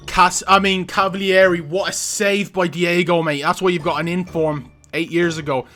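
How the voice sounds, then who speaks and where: A young man, commentating his own football video game play with excitable outbursts and banter. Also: sits high, moderate pace, faint music behind. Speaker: gaming YouTuber. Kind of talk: live gameplay commentary.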